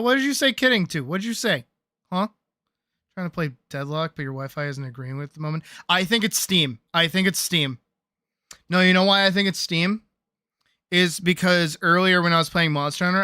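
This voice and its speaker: A man chatting casually on a game stream, relaxed and talkative, answering chat and laughing often. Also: fairly high pitch, fairly quick, no echo, clean studio sound.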